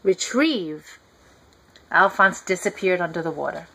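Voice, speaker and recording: Woman, reading a storybook aloud to a child, gentle, talks to the listener, unhurried. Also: lowish voice, slight background noise, low-quality recording. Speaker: reader.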